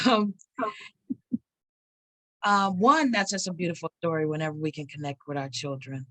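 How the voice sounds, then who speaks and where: A woman on a video call chatting casually at an open mic, praising a poem with fillers and gushing warmth. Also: low voice, lively intonation, quick pace, no room sound. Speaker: open mic participant and writing teacher. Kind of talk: casual chat.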